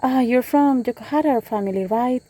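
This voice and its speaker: A woman voicing a calm, friendly village police officer who lectures and reassures. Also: on the high side, moderate pace, lightly acted. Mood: firm.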